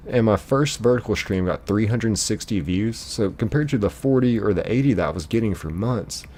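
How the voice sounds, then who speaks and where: A man's voice: low-pitched, a little mellow, slight background noise. An American man hosting a livestream, reading out viewer comments and answering them in a rambling, casual way with many fillers. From United States. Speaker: livestream host.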